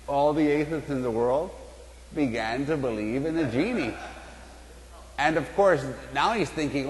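A priest giving a casual, storytelling sermon, telling a joke before turning to the gospel. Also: male voice, mid-range voice, normal speed. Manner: storytelling, animated in quoted voices. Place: church. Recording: echoey church hall with long reverb.

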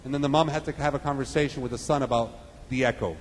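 A man's voice: medium pitch, steady tone, quick pace, a little hiss or hum. Male preacher in a reverberant church. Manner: emphatic, repetitive preaching cadence. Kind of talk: sermon.

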